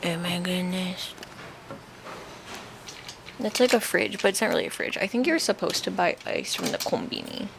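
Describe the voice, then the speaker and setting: A woman's voice: medium pitch, huge pitch swings, fast, vocal fry, few pauses, background noise. A young woman vlogging in casual chat from a hospital room while recovering from oral surgery, chatty and laughing often.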